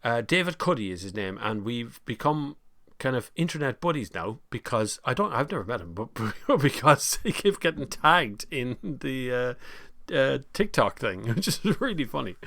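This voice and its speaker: A middle-aged Irish man chats casually on a live stream, rambling between topics and calling out viewers by name. His voice sits at an ordinary middle pitch. The sound is dry and close, with no room echo. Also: pushed and bright. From Ireland. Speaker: livestream host.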